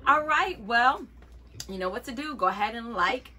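A young woman chatting playfully to her viewers as she reviews a wig, exuberant and quick to laugh. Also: a little high, expressive, bright, forceful tone. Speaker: beauty vlogger reviewing a wig. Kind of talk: casual chatty vlog.

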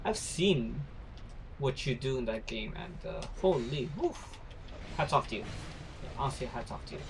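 A young man streaming a video game, chatting with his viewers as he plays and breaking into shouts and high laughter at what happens on screen. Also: expressive, unhurried, creaky, noisy background. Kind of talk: casual gaming livestream chat.

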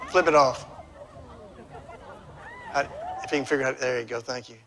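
A middle-aged man preaching a revival sermon in a church, swinging from loud exclamations to hushed appeals. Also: medium pitch, fairly even intonation, normal speed, a crowd in the background, background noise. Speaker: evangelist preacher. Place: church sanctuary.

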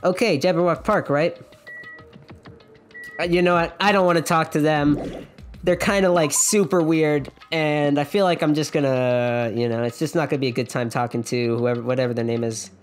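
A young woman with a lowish voice gives casual, jokey commentary while playing a video game. She reads the dialogue aloud and often breaks off to giggle. Game music plays faintly under her voice. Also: normal speed. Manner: jokey, giggly, self-interrupting. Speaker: let's play streamer.

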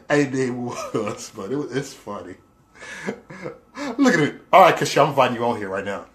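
A man's voice: mid-range voice, animated, unhurried, long pauses. A man hosting a casual livestream, chatting with viewers in a playful, teasing way, laughing often and using loose slang fillers. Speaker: livestream host. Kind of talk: casual livestream chat reading viewer comments.

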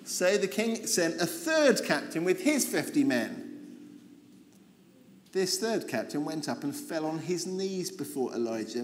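A man teaching a Bible seminar, telling the story with lively irony and humour and acting out the characters. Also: on the high side, unhurried. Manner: lively, humorous, ironic storytelling, acting out voices. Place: large convention hall. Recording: roomy hall reverb, faint noise.

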